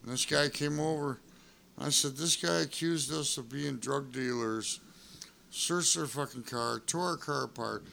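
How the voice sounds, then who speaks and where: A gravelly, medium-pitched voice at a measured pace carries this middle-aged ex-wrestler's road stories, with a bit of background noise behind him. Chatting casually and cursing, he brings the tales to life by voicing what people said.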